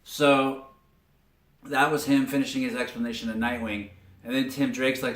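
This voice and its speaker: A man giving a casual spoken recap of a cartoon episode, telling it as an animated story with lots of filler words. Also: medium pitch, normal speed. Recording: roomy echo, distant from mic.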